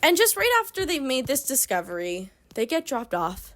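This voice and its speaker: A young woman, recapping a bad book in casual comedic style, sarcastic and animated, swinging between hushed asides and loud outbursts. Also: high voice, normal speed. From Canada. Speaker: book reviewer.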